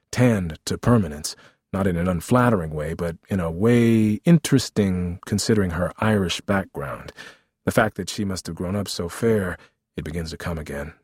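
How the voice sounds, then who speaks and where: A man's voice: low voice, darkish tone, slightly rough, no echo, clean studio sound. A man reading a memoir aloud as narrator, with a wry, vivid storytelling manner.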